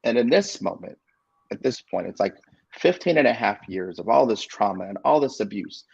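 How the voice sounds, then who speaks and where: A husky, gravelly man in his forties tells a personal story in an earnest, halting way, stopping and restarting often. His voice sits at an ordinary pitch. The sound is dry and a little muffled. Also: expressive, darkish tone, no room sound. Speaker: inspirational speaker. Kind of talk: storytelling on a video call show.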